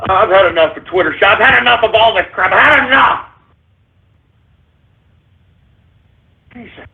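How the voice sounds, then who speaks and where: A man voicing a frantic, short-tempered male radio sidekick in a whiny, shouting rant. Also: very high-pitched. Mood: exasperated. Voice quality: whiny, shouting, exasperated ranting. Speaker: radio show regular. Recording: tinny phone-like audio.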